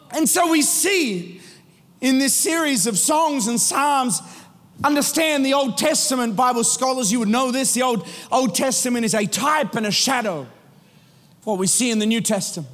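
High-voiced preacher man in a reverberant hall. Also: lively intonation, moderate pace. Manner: impassioned preaching, rising to shouts. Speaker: pastor. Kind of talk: sermon. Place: church sanctuary. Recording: long reverb in a large hall with music.

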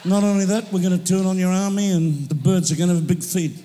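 A man voicing a cocky young shepherd who taunts a giant in a brash, fast, mocking way, in a hall with a long echo. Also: sits high, steady tone, dark tone, slight background noise, pitched below the performer's own voice, close to an everyday voice. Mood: taunting. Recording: echoey hall reverb.

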